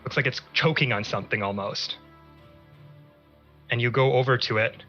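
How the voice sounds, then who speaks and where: A man with a mid-range, very bright and forward voice acts as dungeon master, narrating a tabletop game. He paces out each scene slowly, drawing out his words. The audio is a bit dull, with faint music underneath.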